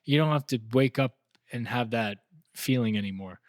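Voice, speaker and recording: A man chats casually as a podcast co-host, in a mid-pitched voice. He talks in a relaxed, reflective way and often restarts his sentences. The studio mic is close and the room is dry, with no echo. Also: moderate pace. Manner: easygoing, reflective, rambling restarts. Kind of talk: casual chat.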